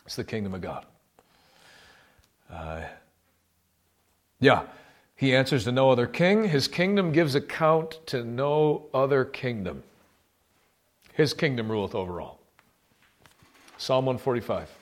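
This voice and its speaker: A man preaching a sermon, rebuking forcefully and reading scripture with emphasis. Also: mid-range voice, lively intonation, measured pace, pauses often.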